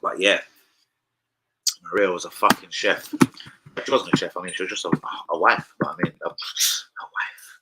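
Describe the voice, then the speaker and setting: A man's voice: low-pitched, fairly even intonation, moderate pace, long pauses, heavy background noise. A young man, hosting a casual live-stream chat, rambling through stories full of slang and swearing. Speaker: football fan channel host.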